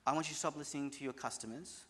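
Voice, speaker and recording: A man giving an energetic motivational talk to a live audience, often asking them questions. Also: mid-range voice, rapid-fire. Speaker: motivational speaker.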